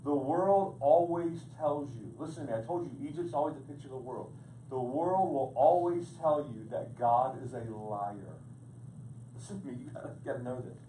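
A man preaching a sermon as pastor, repeating words as he builds to loud, urgent points. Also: mid-range voice, moderate pace, slight background noise. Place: church sanctuary. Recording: echoey room picked up from a distance.

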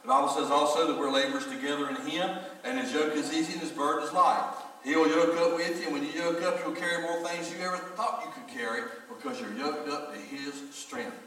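A man's voice: fairly high pitch, a little fast, a bit bright. A middle-aged man, a pastor telling folksy stories and speaking straight to his congregation. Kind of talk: sermon. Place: church sanctuary. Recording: echoey church hall from far off.

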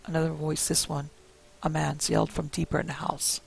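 A man narrating a first-person spooky story in a measured, suspenseful way. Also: on the high side, monotone, creaky, slightly rough, dry recording, rough recording.

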